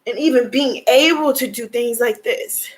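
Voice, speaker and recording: A woman's voice: a little high, moderate pace, rough recording. A young adult woman venting in an emotional personal vlog, frustrated and tearful, at times crying as she talks. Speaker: vlogger.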